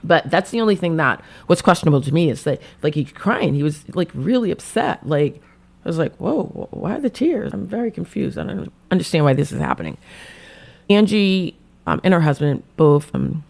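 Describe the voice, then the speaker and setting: Chatty woman with a gravelly low voice. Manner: chatty and animated, heavy use of "like"; puts on quick voices when quoting people. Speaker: podcast host. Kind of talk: casual chat, recapping a reality show.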